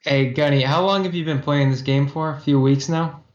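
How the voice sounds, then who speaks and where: A man's voice: on the high side, fairly even intonation, normal speed, reverberant, lo-fi sound. A man co-hosting a podcast, casually asking questions and laughing. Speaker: podcast co-host.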